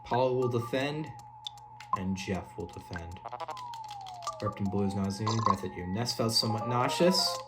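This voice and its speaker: A woman's voice: rumbling low, moderate pace, pauses often, music in the background. A woman playing through a video game, reading the text aloud and reacting. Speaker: game streamer.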